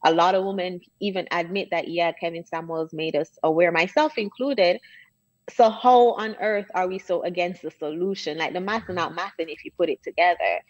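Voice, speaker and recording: A woman's voice: lowish voice, normal speed, highs cut off. A woman guest on a casual podcast, assertive and matter-of-fact, laying out her arguments in reasoned steps over a remote call.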